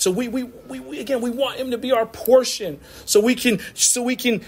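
A man with a high voice preaching from the pulpit in an American church. He talks loosely and with energy, mixing slang and quick laughs into the message. His pitch swings up and down as he drives his points home. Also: steady tone, husky. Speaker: pastor. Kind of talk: sermon.

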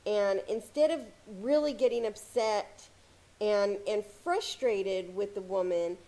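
A woman giving casual motivational advice to camera as a success coach, talking calmly with frequent "you know" fillers. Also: mid-range voice, slow pace. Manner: calm, conversational, many "you know" fillers.

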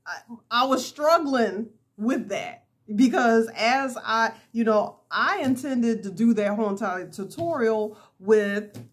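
Female crochet host, unhurried and chatty, slightly high voice, self-mocking. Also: expressive. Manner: chatty, laughs at herself, says y'all. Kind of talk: casual crochet tutorial.

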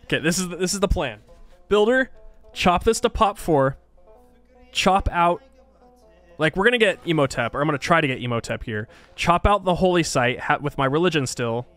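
A man's voice: fairly high pitch, expressive, brisk, fairly bright tone, faint music behind. A man commentating his strategy game, thinking aloud and exasperated at setbacks. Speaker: gaming YouTuber. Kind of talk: let's play commentary.

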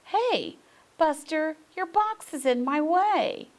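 A woman's voice: sits high, lively intonation, takes it slowly, pitched above the performer's own voice. Bella, a woman doing a bossy dino-loving girl critter. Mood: playful. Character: bold little girl animal who loves dinosaurs.

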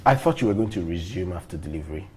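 A man playing a happily engaged office worker, speaking in a calm, mild way. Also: low-pitched, rapid-fire, slight background noise. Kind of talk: film acting.

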